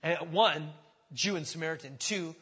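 A man's voice: a little high, normal speed, sharp tone, husky, in a large hall. A man preaching a conversational sermon as pastor. He often checks in with his listeners and acts out voices in the quoted dialogue. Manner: conversational, keeps asking "does that make sense?".

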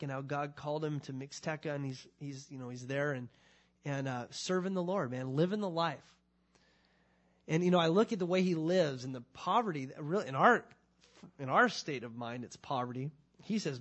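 A middle-aged male pastor with a somewhat high-pitched voice delivers a sermon. He moves from prayer to scripture reading to personal storytelling. His tone is earnest and conversational, swelling into emphatic bursts.

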